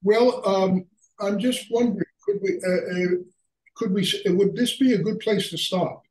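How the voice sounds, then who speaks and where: An older man giving a halting academic lecture on poetry, full of fillers and restarts. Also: sits high, a little mellow, distant mic. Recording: echoey room, speaker away from mic.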